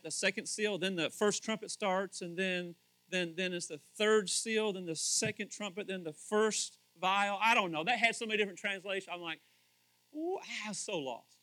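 A man preaching a casual, conversational sermon as pastor, animated and questioning his listeners. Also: sits high, moderate pace, dry recording, rough recording. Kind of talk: casual sermon, Bible teaching.

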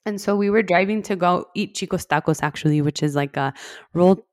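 Young woman, from west texas, low voice, chatty, lots of "like", quotes people, casual storytelling. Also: fairly quick, no room sound, studio quality. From West Texas, USA. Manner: chatty, heavy use of "like", acts out quoted dialogue. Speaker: podcast host telling her own story.

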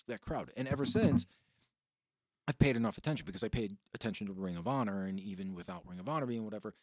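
A man hosting a podcast in casual chat, telling rambling, profane stories with bursts of excitement. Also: lowish voice, husky, no echo, clean studio sound. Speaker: podcast host.

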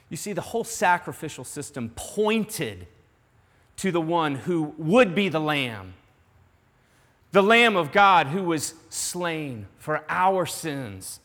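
A man preaching a sermon in earnest, dropping to a hush on some lines and rising to emphasis on others. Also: on the high side, very animated, slow. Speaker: pastor. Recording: long hall reverb.

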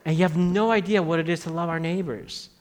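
A fairly high-voiced man in his thirties preaches in an easy, conversational way and sinks low and quiet on the points that matter. His voice carries a long reverb from a church hall. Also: steady tone, a little fast. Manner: conversational preaching, dropping low on key phrases. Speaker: pastor. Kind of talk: sermon.

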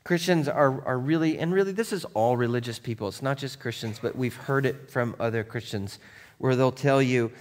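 A man pastor delivering a conversational sermon, dropping to a hush and then rising to emphatic points while asking his listeners direct questions. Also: mid-range voice, normal speed, in a large hall. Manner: conversational, swings between hushed and emphatic; asks the congregation direct questions.

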